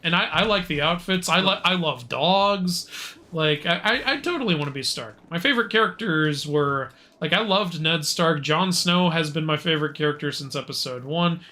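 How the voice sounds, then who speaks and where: A man's voice: fairly high pitch, normal speed, sharp tone. A man joining a co-op game stream as a guest, chatting casually, joking and laughing often. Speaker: guest co-op player. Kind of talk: casual gaming chat.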